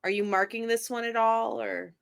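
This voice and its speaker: A woman narrating a tabletop game as game master, describing scenes in a halting way with many pauses and fillers. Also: on the high side, steady tone, creaky.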